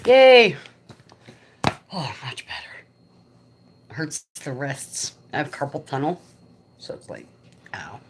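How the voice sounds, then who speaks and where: A woman hosting a casual livestream from home, chatting excitedly with viewers by name, talking into a phone propped up in front of her. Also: extremely low pitch, measured pace, long pauses, in a whisper. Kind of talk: casual live chat.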